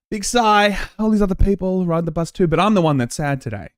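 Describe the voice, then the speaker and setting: Animated man reacting with laughs. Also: high-pitched, fairly quick, clean tone, no echo, studio quality. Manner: animated, laughing, swearing, mock voices. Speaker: show host reacting to a game ad. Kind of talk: casual reaction commentary.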